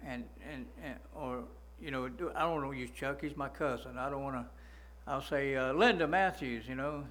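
A man preaching a sermon, folksy, slowing down to stress his points and asking the congregation for agreement. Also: mid-range voice, a bit bright. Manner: slows down to stress key phrases. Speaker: pastor.

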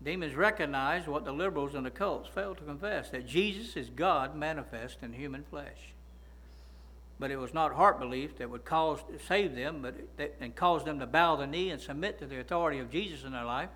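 A man's voice: on the high side, fairly quick, fairly bright tone, breathy edge, low-quality recording. A man preaching a sermon as pastor, often prompting the congregation with "right?" and "amen?".

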